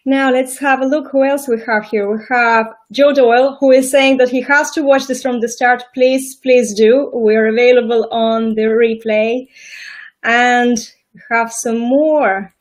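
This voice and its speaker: A woman from Estonia hosting a casual live-stream chat over a video call, chatty and quick to laugh. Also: fairly high pitch, steady tone. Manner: chatty, warm-hearted, laughs easily, restarts often. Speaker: host.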